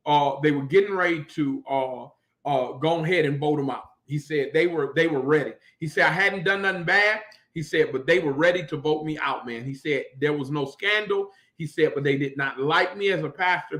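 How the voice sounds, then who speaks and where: A man's voice: a little high, fairly bright tone. A man preaching a sermon as pastor, building emphasis with repeated phrases. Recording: echoey room.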